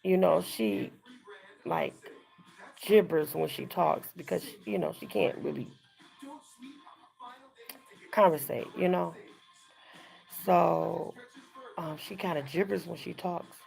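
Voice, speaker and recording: A woman's voice: on the low side, slow, creaky, long pauses, darkish tone, soft background music. A woman hosting a casual live stream from home, chatting and confiding to viewers she calls y'all and girl.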